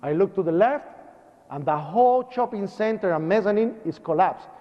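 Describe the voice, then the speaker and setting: A man's voice: high-pitched, animated, moderate pace. A man recounting a traumatic eyewitness story to a lecture audience, vividly acting out sounds and cries. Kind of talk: dramatic first-person storytelling to an audience. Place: lecture hall. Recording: dull lo-fi recording with long hall reverb.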